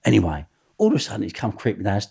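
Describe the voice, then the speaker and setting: A middle-aged man, a podcast guest telling animated stories full of swearing. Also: on the low side, rapid-fire, creaky, husky. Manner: animated, swearing, acts out other people's voices. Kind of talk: storytelling anecdote.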